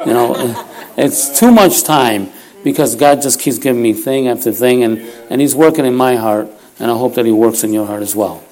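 A man's voice: mid-range voice, moderate pace, a little mellow. A man in his fifties of Puerto Rican heritage preaches in a church, praying and then telling stories about himself. He is folksy and self-deprecating, often laughing as he talks. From Puerto Rico heritage. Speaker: lay preacher. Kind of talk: sermon with storytelling.

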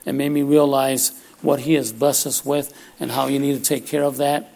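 A man's voice: medium pitch, flat delivery, moderate pace, creaky, a little mellow. A man preaching a conversational sermon in church, often checking in with "all right?" as he talks.

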